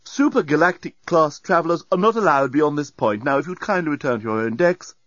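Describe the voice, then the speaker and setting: A man's voice: fairly high pitch, animated, fairly quick, fairly bright tone, dry recording, voice pushed up. A man voicing a prim, snooty male doorbot robot in an audiobook, coldly polite and sniffy like a butler, on a dry, slightly dull recording. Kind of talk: audiobook character voice.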